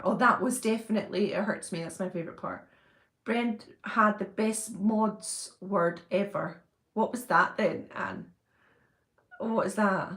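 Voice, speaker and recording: A woman talks into her phone from a room at her mother's house. She reads viewer comments aloud and answers them in a casual, chatty way, at a middling pitch for a woman. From United Kingdom. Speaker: channel host. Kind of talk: casual livestream chat with viewers.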